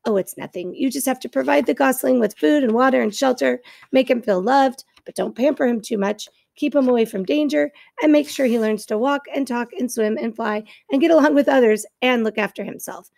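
A bossy old gray goose who scolds in a brisk, no-nonsense way, as a woman reads her part. Her voice is fairly high with a gravelly fry. It is recorded close and dry. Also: a little mellow, no echo. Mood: scolding.

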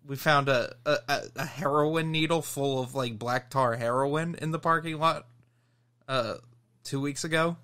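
Bright-voiced man telling stories. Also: on the high side, unhurried. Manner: animated storytelling, laughs while telling. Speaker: podcast co-host. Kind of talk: casual podcast chat.

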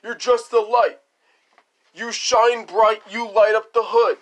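A man's voice: sits high, steady tone, takes it slowly, a bit bright, voice pushed up. A man voicing a grumpy father, woken from sleep, who scolds his son sternly. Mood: scolding.

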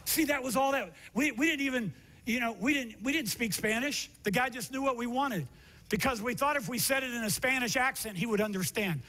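High, bright-voiced male pastor preaching. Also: brisk. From Miami area, United States. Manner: storytelling, building to emphatic shouted preaching. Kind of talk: sermon.

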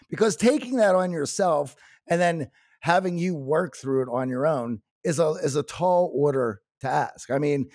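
Earnest podcast co-host with a higher male voice. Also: darkish tone, no echo, studio quality. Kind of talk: casual podcast chat.

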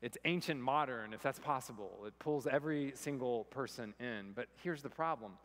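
A man's voice: mid-range voice, moderate pace, fairly bright tone, long reverb tail. An American man preaching a sermon, mixing humorous personal stories with scripture. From United States. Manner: storytelling, self-deprecating humor. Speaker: pastor. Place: church sanctuary.

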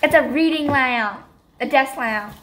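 Brief: teen girl vlogger, bubbly and giggly, higher voice, noisy handheld phone audio. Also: unhurried. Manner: chatty, upbeat, giggly. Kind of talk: casual vlog chat.

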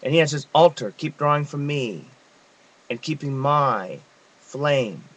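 A man's voice: fairly high pitch, expressive, unhurried, fairly bright tone, poor audio. Man reading a devotional text reverently. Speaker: reader of devotional messages.

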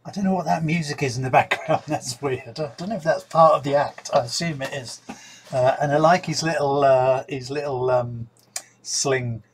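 A man's voice: mid-range voice, steady tone, moderate pace, a little hiss or hum. A man hosting a reaction video, talking casually and hesitantly with lots of fillers and dry jokes.

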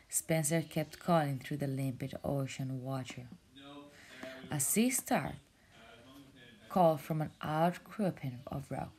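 A woman reading a children's story aloud, often in a soft whisper, stopping to ask the child questions. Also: low voice, animated. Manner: slow, often whispered narration with asides to a child.

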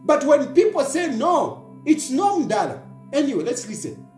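High, lively mocking Zambian man. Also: moderate pace, reverberant, faint music behind. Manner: mocking, repeats rhetorical questions, mixes in local phrases. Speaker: political commentator. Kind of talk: opinionated online commentary.

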